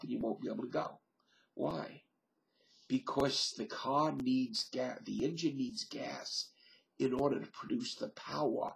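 Solo vlogger, male, unhurried musing delivery, gravelly voice, webcam sound. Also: medium pitch. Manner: slow, musing, thinks aloud with many pauses and fillers. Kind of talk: rambling solo webcam monologue.

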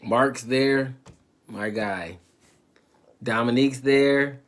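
A man's voice: medium pitch, drawn-out words. A man, a pastor, reading scripture aloud on a live stream and adding brief asides to the viewers.

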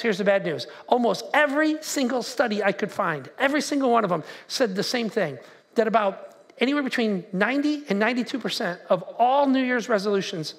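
High-pitched male pastor, lively preaching, engages the room with questions. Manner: animated, talks to the crowd with questions. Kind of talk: sermon. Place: church auditorium.

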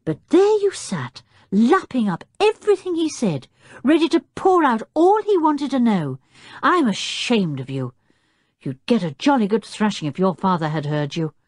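A woman voicing a responsible, bossy older teenage boy who speaks in a brisk, commanding and scolding way. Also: on the high side, very animated, darkish tone, dry recording, clean studio sound, voice pushed up. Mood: stern.

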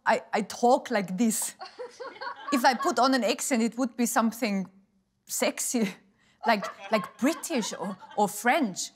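A woman's voice: fairly high pitch, a little slow, background noise. Self-mocking woman comic with an Austrian German accent. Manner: deadpan, self-mocking delivery. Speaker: stand-up comedian. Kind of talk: stand-up comedy set. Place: live comedy venue stage.

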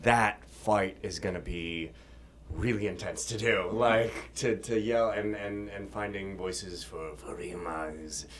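A man being interviewed as a voice actor, talking fast and excitedly, laughing often and acting out quotes. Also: low voice, slight background noise. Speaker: voice actor guest. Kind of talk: casual interview chat. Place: convention room.

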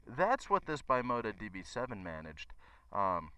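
Chatty, lively man reviewing a motorbike. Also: lowish voice, moderate pace, clear, resonant tone. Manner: enthusiastic, chatty, talks straight to viewers. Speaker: motorcycle shop owner and reviewer. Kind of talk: casual bike review vlog.

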